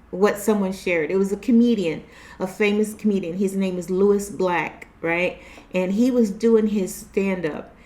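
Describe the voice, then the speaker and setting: A middle-aged woman hosting her own channel as a tarot reader, talking casually and candidly to her viewers, with lots of swearing, laughter and lively storytelling. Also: mid-range voice, a little hiss or hum. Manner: candid and profane, with animated storytelling and frequent laughs. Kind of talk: casual talk to camera.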